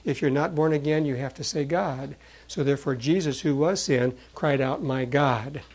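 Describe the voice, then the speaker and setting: A man's voice: mid-range voice, moderate pace, a little mellow, husky, low-quality recording. A man preaching a sermon, explaining Bible passages earnestly and reading verses aloud with emphasis, with some fillers and restarts.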